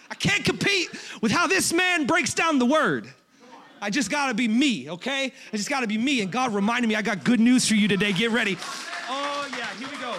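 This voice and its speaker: A man preaching a sermon as a guest speaker in a church, joking between passages and building to shouted, rising crescendos. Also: sits high, normal speed.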